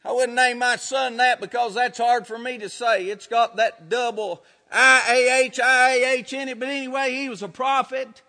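A man preaching a sermon, emphatic and building to shouts on his key points. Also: very high-pitched, steady tone, moderate pace, hardly any pauses. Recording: reverberant hall.

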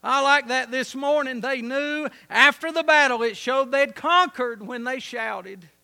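A man preaching a sermon, telling a story and building to loud, emphatic peaks. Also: very high-pitched, a little slow, gravelly.

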